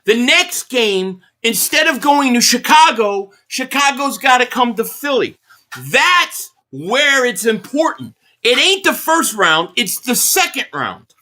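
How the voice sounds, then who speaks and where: A furious man hosts a live reaction stream, swearing bluntly and circling back to the same complaint as he reads out viewer messages. His pitch swings widely from line to line, and his tone is bright and forceful. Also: sing-song, slow. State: angry. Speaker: live stream host reacting to a football game.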